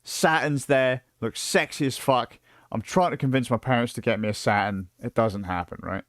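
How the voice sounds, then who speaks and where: A British man in his late thirties rambles through a livestream with swearing, fillers and restarts, excitable as he tells stories. His voice sits at an ordinary middle pitch. The sound is close and dry, with no room around it. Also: moderate pace, dry recording. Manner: profane, excitable storytelling with many fillers. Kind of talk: casual rambling stream chat.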